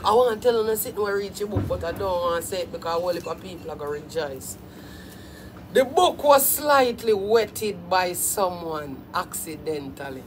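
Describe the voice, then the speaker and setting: A woman with a Jamaican accent hosting a live stream, chatting in an animated way with her viewers in patois. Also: on the high side, a little hiss or hum. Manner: animated, talks back to viewers, patois phrasing. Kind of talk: casual live-stream chat about dancehall.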